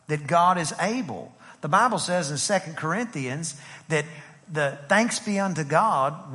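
A man's voice: on the high side, expressive, measured pace, pushed and bright, in a large hall. A man, a pastor, preaching a sermon in a rhythmic style with repetition and acted-out stories. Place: church sanctuary.

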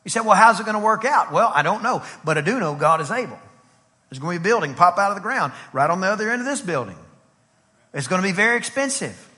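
A man's voice: high-pitched, very animated, fast talker, bright, forceful tone, in a large hall. A man, a pastor, preaching a sermon in a rhythmic style with repetition and acted-out stories. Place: church sanctuary.

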